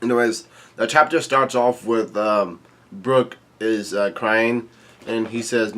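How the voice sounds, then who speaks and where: A man giving a casual, laid-back read-through of a comic chapter, halting with many ums, uhs and restarts. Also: fairly low pitch, a bit bright. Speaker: YouTube manga reviewer.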